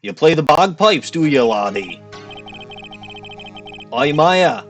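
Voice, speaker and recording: Streamer, male, slightly high voice, hammy fake Scottish brogue on game text, faint music under. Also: big pitch swings, slow. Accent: put-on Scottish. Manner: goofy, reads dialogue in a put-on Scottish accent. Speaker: let's play streamer. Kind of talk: game commentary with reading aloud.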